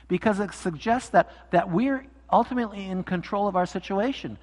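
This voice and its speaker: A man preaching a relaxed, conversational sermon to his congregation. His voice sits a bit high for a man, he asks his listeners rhetorical questions, and a long reverb trails each phrase in the church hall. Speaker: pastor. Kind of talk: sermon with storybook reading.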